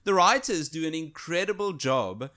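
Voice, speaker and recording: A man's voice: fairly high pitch, expressive, moderate pace, bright, forceful tone. A man co-hosting a casual podcast chat, gushing with enthusiasm. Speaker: podcast co-host.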